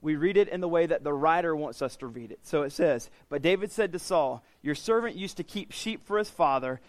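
A male preacher teaching through scripture, his voice sitting a touch high for a man. He talks in a loose, conversational way, paraphrasing the passage in everyday words and often restarting his phrases. The sound is close and dry, with no room echo. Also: animated, brisk. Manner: frequent restarts and repeated words. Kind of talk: sermon, Bible teaching.

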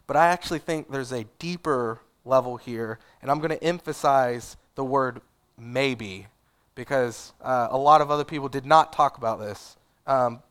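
Clear-voiced man preaching casually. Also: mid-range voice, a bit bright. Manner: conversational, casual asides and fillers. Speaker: pastor. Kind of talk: sermon.

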